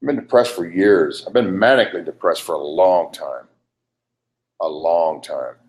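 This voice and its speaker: A man's voice: low voice, normal speed, a little mellow. An older man in a heated live webcast argument, ranting in an agitated, profane way. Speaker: livestream participant.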